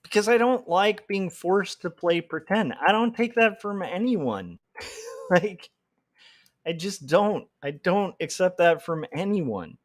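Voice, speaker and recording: A man's voice: sits high, lively intonation, slow. A man ranting on a casual livestream, heated and rambling, with many filler words. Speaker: comic artist livestreamer.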